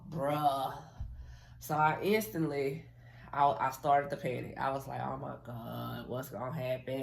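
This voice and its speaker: Lively low-voiced woman telling a story. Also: a little hiss or hum. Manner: animated, slangy, talks straight to the audience. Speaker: vlogger. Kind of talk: casual storytelling to viewers.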